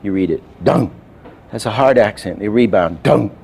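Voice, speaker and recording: A man's voice: on the low side, fairly quick, a little mellow. A man explaining animation timing and doing little sound effects as he demonstrates. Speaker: animation teacher. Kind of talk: instructional demonstration.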